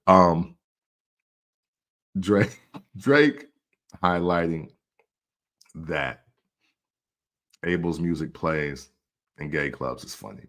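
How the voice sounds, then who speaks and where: A man in his forties hosting a casual commentary show, laughing often and acting out quick quotes. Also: low-pitched, fairly bright tone. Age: 40s. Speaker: podcast host.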